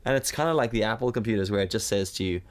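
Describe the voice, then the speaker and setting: A man co-hosting a podcast in casual chat, ranting in an animated way and acting out software with put-on voices. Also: fairly low pitch, rapid-fire. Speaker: podcast co-host. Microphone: studio condenser mic.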